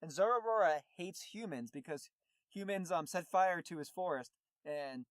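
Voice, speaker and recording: A man's voice: high voice, moderate pace, no room sound, studio quality. A man co-hosting a podcast, recapping a movie in a rambling, casual way with many fillers and restarts. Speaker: podcast co-host.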